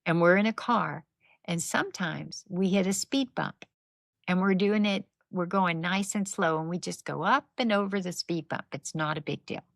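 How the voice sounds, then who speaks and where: Gravelly-voiced woman telling animated stories. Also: on the low side, moderate pace, no room sound. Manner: animated, faith-based storytelling with acted-out quotes. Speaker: podcast guest, nonprofit founder. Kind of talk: conversational storytelling.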